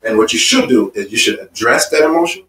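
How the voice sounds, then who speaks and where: A man's voice: medium pitch, animated, quick pace, bright, forceful tone, distant mic, faint music behind. Emphatic man teaching a seminar, echoey. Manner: emphatic and repetitive, stacking phrases; illustrates points with personal stories. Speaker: marriage seminar speaker. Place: seminar room.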